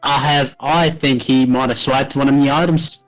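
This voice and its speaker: A man playing his character in a tabletop game, speaking earnestly and a little haltingly. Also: mid-range voice, fairly even intonation, soft background music, rough recording. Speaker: player. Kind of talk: tabletop role-play.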